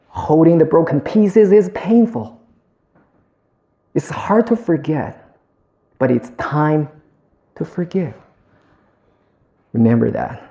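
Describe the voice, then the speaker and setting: Man giving a storytelling speech, lively pitch, unhurried, heartfelt, muffled sound. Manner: slow, heartfelt, acting out dialogue. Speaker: public speaker.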